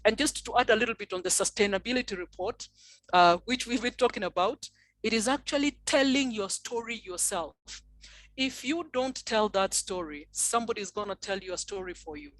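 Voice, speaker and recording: A woman's voice: medium pitch, a little fast, a bit bright, no echo, low-quality recording. A woman from Nigeria answering on a conference panel, thoughtful and full of fillers and restarts.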